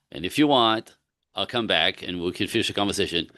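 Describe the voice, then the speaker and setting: A relationship coach with a low voice chats briskly on a podcast, telling stories animatedly and acting out both sides of conversations. The studio sound is clean, with no room sound.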